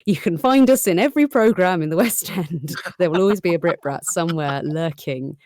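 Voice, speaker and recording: A woman's voice: on the low side, fairly quick, darkish tone, dry recording, studio quality. A young woman chatting casually and jokily as a guest, with frequent restarts. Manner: chatty, jokey, with restarts and laughs. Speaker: guest audio maker. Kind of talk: casual chat on a live stream.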